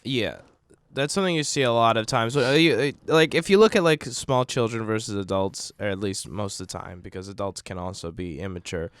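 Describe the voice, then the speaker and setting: Smooth-voiced young man, casual co-host. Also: on the low side, fairly quick, fairly bright tone, no echo. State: sick. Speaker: podcast co-host. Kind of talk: casual chat.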